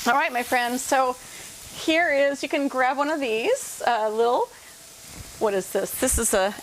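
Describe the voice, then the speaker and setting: A woman's voice: on the high side, a little hiss or hum, low-quality recording. A woman giving a home cooking demonstration in a kitchen, talking to viewers in a chatty, folksy and playful way.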